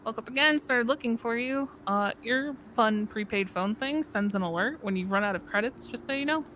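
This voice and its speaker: A fellow player recounting events in character during a game roleplay, rambling and quoting others with quick laughs. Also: mid-range voice, bright, forceful tone, a little hiss or hum. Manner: rambling storyteller, quotes others, laughs mid-sentence.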